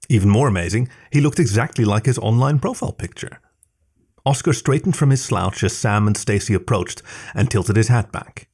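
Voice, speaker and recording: A man reading a story aloud in slow, even narration. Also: fairly low pitch, creaky, husky. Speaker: story reader. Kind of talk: scripted narration.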